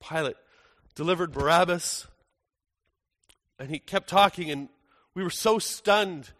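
A man playing the apostle John as an older man in a first-person dramatic monologue, earnest, moving between hushed and urgent. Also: on the high side, measured pace. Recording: echoey hall with long reverb.

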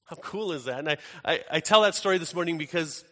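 A man's voice: on the high side, lively intonation, quick pace, sharp tone. A man preaching a sermon, praying and then telling a story in a conversational, earnest way. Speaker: pastor. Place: large church hall. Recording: reverberant hall sound.

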